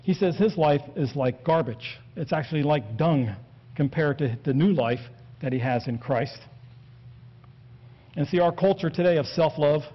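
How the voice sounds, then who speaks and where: A man preaching an earnest sermon, steadily working through scripture quotes. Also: mid-range voice. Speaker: pastor. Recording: dull lo-fi recording.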